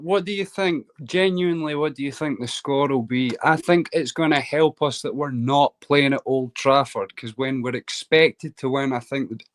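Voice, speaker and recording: A caller joins a live stream and speaks in an upbeat, sure-of-himself manner. His voice is mid-pitched and sounds dry, with no room echo around it. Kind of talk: casual call-in chat.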